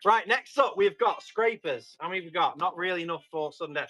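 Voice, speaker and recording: A man's voice: high voice, lively intonation, fairly quick, hardly any pauses, pushed and bright. Chatty man hosting a tool auction. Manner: chatty, laughs often, tries out accents. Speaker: auction host. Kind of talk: live-stream tool auction chat.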